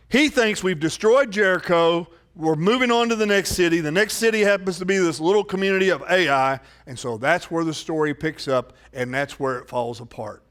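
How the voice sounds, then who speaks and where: A man's voice: fairly high pitch, a bit bright. A man preaching a sermon as pastor, telling a story and acting out the quotes with rising emphasis.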